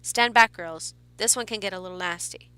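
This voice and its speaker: A woman's voice: medium pitch, brisk, bright, forceful tone, smooth, no echo, natural voice, rough recording. A woman voicing a bossy male carnival barker who presents acts and scolds performers. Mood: stern.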